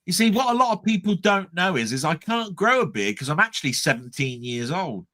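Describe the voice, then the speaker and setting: A man's voice: on the high side, very animated, a little fast, sharp tone, no room sound, studio quality. A man from the south of England hosting a live stream, joking and rambling in casual chat. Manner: joking, rambling, prone to mock rants.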